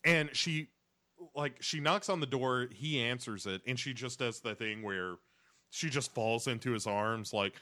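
A man's voice: mid-range voice, measured pace, pushed and bright. A man co-hosting a podcast, recapping a show in a rambling, jokey way with silly voices. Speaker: podcast co-host. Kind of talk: casual comedic recap chat.

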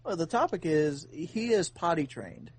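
A man's voice: a little high, big pitch swings, normal speed, slightly rough. A man hosting a casual podcast chat, telling a long earnest story with many restarts.

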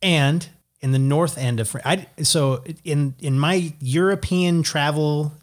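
A man's voice: on the high side, a little slow. Man, podcast co-host, teasing, dry jabs, casual banter.

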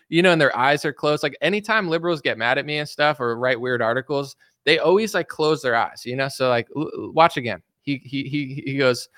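A man's voice: mid-range voice, a bit bright, no room sound, clean studio sound. A man giving casual political commentary in a blunt, mocking way, rambling with restarts.

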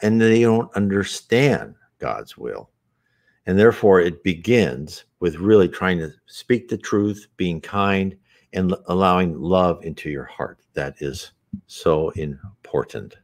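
A man hosting an unscripted spiritual talk, earnest and rambling, with frequent restarts and asides. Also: low voice.

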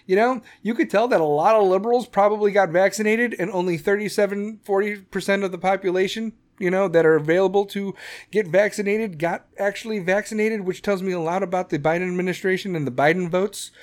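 A man's voice: high-pitched, steady tone, a little fast. A man hosting a podcast, ranting bluntly with lots of cursing and mocking voices. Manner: blunt, aggressive and profane, mocking put-on voices. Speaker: podcast host. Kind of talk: opinion podcast rant.

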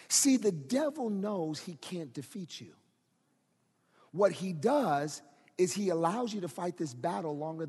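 A pastor preaching a sermon, moving from quiet talk to shouted, rising preaching. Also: male voice, high-pitched, breathy edge, in a large hall.

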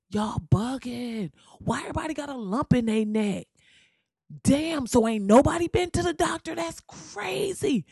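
A man's voice: extremely high pitch, gravelly, husky, no echo, studio quality, pitched above the performer's own voice, heavily acted. A man putting on the voice of a bewildered former president, firing off incredulous questions and coughing. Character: bewildered ex-president man, returning to a ruined world.

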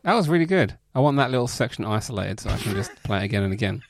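Low-voiced bantering podcast man. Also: lively intonation, rapid-fire, gravelly, a little hiss or hum. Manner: banter, teasing, swearing freely. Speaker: podcast co-host. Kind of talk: casual chat.

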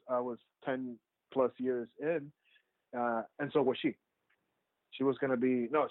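A man's voice: mid-range voice, dry recording. Man, documentary filmmaker, rambling casual storyteller, thin telephone-like sound, dead dry. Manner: rambling, full of "like" fillers and restarts. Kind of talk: casual storytelling interview answers. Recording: tinny phone-like line, dry.

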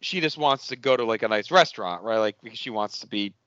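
A man's voice: lowish voice, fast talker, a bit bright, dry recording, dull audio. A man hosting a podcast, casually recapping a TV episode and acting out the characters' lines with a loose, swearing humor. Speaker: podcast host.

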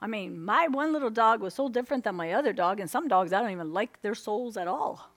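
A woman's voice: medium pitch, animated, brisk, no room sound. A woman preaching a sermon, telling stories and acting out her own inner voices, checking in with "amen?" as she goes.

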